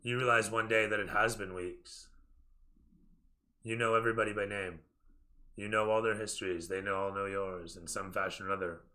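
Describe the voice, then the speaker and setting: A man's voice: lowish voice, fairly even intonation, fairly quick, pushed and bright. A man narrating a tabletop role-playing game as dungeon master, describing scenes cinematically to his players.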